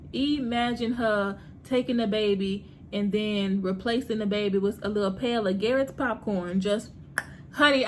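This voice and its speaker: A woman hosting her own vlog, chatting about a TV series in a lively, slangy way and laughing often. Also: medium pitch, a little hiss or hum. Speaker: host reviewing a TV series. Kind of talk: casual TV recap vlog.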